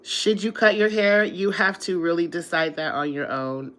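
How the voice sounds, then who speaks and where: A woman's voice: lowish voice, animated, moderate pace, a bit bright. A woman hosting a casual live stream, chatting with viewers, laughing often and sounding drowsy after a meal. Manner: sleepy after eating.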